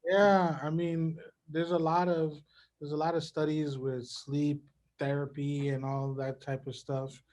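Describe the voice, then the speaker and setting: A man's voice: on the high side, little pitch movement, a little slow, darkish tone. A young man in casual conversation, talking in an easygoing, laid-back way about his own experiences.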